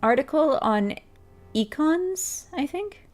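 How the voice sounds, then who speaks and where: Woman, let's-play host, reads game text then comments, unhurried delivery. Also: mid-range voice. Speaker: gaming streamer.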